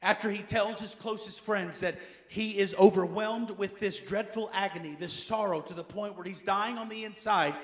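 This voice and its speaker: A man preaching a sermon as pastor, emphatic, repeating key phrases and swinging between loud urging and quiet asides. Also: sits high, normal speed, hardly any pauses.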